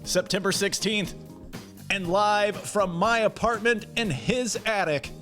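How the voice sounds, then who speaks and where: A man's voice: high-pitched, unhurried, a bit bright, soft background music. A man with a Chicago accent announcing the opening of a podcast, dry and teasing. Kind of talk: show intro announcing.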